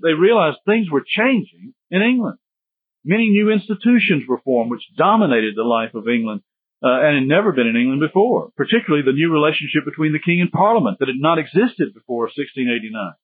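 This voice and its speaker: A man's voice: a little high, breathy edge. A man giving a history lecture in a conversational, digressive way with joking asides. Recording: tinny phone-like dry sound.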